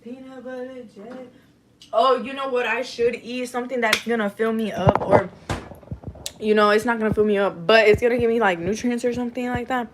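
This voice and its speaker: A young woman, livestreaming from her home kitchen, loud and animated, swearing as she rambles. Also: a little high, fairly quick, background noise. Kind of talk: casual live stream chat.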